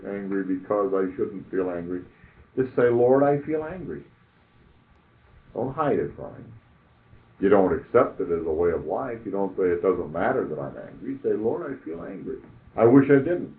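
An older man preaching a sermon in a conversational, emphatic way, asking rhetorical questions. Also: on the low side. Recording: tinny phone-like audio.

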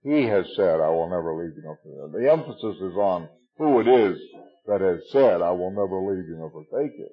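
A man in his sixties leads a relaxed Bible study, talking through a passage at a fairly quick clip. His very low, husky voice halts often with fillers, and he chuckles at his own quips. The recording sounds dull and lo-fi.

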